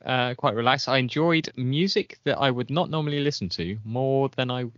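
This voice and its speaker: A man, co-hosting a casual chat podcast, chatty and quick to laugh. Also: mid-range voice, a bit bright, no echo, lo-fi sound. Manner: chatty, laughs often, trails off. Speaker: podcast co-host.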